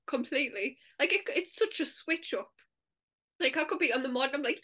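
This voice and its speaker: Chatty woman, high bright voice. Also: a little fast. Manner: chatty, laughs often, many "like" fillers, acts out inner voices. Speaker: podcast co-host. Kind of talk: casual chat.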